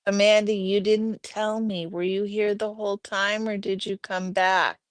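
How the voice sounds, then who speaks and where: A woman's voice: medium pitch, little pitch movement, measured pace, dry recording. A woman hosting a casual livestream from home, chatting with viewers and addressing them by name. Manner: chatty, talks to chat viewers and her pets by name. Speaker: livestream host. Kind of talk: casual chat reading viewer comments.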